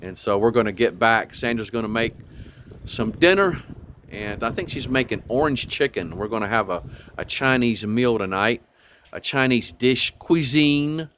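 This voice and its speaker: A man's voice: medium pitch, expressive, normal speed, fairly bright tone. An older man rambling through a casual travel vlog outdoors, with many ums and restarts. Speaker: RV travel vlogger. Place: outdoors at a state park campground. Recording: faint outdoor background noise.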